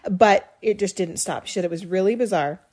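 A woman co-hosting a podcast, telling a story in a casual, animated way full of fillers and restarts. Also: medium pitch, fairly quick. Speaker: podcast co-host.

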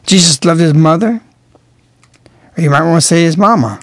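Man, fairly high voice, dry studio sound, earnest religious radio talk with emphatic rises. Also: normal speed, no room sound. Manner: earnest, emphatic, rising to stress key words. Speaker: radio commentator.

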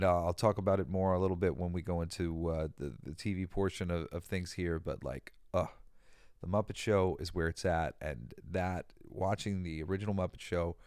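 A man's voice: deep voice, a little mellow, dry recording. A tired, emotional man hosting a casual solo talk, rambling and close to tears. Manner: emotional, rambling, sings snatches of songs. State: tired and teary. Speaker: host. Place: California.

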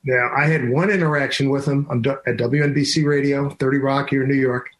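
Older man telling a lively radio story. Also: mid-range voice, fairly quick, rough recording. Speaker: radio talk show host.

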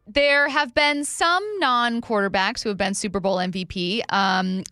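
A woman's voice: medium pitch, measured pace, sharp tone, clean tone, dry recording, faint music behind. A woman co-hosting a sports radio show in a studio, chatty and self-deprecating, wired on espresso. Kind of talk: casual sports talk.

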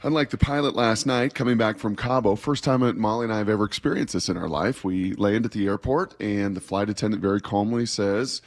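Chatty lower-voiced male radio host. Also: a little fast, hardly any pauses. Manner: chatty storyteller, laughs easily. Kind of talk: casual morning radio chat.

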